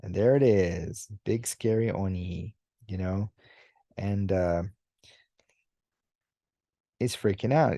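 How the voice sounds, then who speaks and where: A man hosting a casual commentary video, talking in a relaxed, unhurried way with many fillers and now and then acting out characters' lines. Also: low voice, no room sound, studio quality. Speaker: YouTube host discussing manga.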